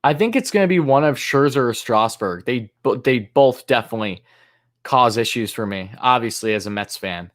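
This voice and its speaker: A man's voice: mid-range voice, animated, moderate pace, a bit bright. A man hosting a live fan stream, calling plays in an announcer-like way between casual, hesitant answers to chat. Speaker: livestream host and fan commentator.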